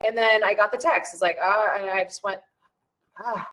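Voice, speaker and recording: Chatty woman coach, rambling and animated. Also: mid-range voice, quick pace, low-quality recording. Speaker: wellness coach hosting an online challenge. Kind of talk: casual chat.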